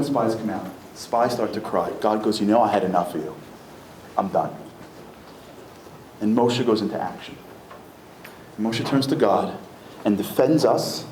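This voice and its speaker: A man giving a comic, fast-moving religious lecture, acting out the voices of the people in his stories. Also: lowish voice, darkish tone. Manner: comic, acts out quoted voices, rapid storytelling. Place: packed synagogue hall. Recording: echoey hall with faint room noise.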